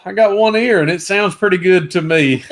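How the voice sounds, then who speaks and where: Male co-host, high voice, booming preacher delivery, folksy livestream chatter. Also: moderate pace. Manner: folksy, loud and projecting, greets viewers by name. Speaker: pastor and co-host of a reseller livestream. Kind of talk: casual livestream chat.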